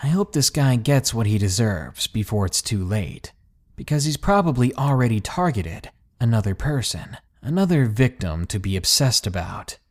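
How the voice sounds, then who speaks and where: A man narrating a scary story in a calm, measured, ominous way, then signing off as the channel host. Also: mid-range voice. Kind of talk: scripted narration of a horror story. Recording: faint background music.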